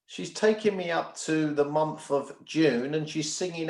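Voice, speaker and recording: Male medium giving readings, slightly high voice, echoey home room, keeps asking if you follow. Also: measured pace. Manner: chatty, checks in with the sitter often. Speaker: spiritual medium. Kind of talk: giving readings at a spiritual service.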